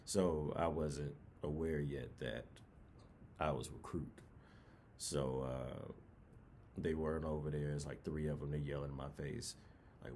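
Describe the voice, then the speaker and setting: A young man from New Orleans tells a personal story in an easygoing, rambling way. His voice sits very low, with a dark, mellow tone. A faint hiss runs under the recording. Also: fairly even intonation, a little slow. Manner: laid-back, rambling with many fillers. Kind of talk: casual storytelling.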